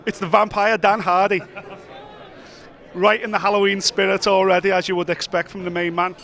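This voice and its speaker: A man hosting a casual walk-and-talk vlog, chatty, excitable and free with swearing. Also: sits high, normal speed, some chatter behind. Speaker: host.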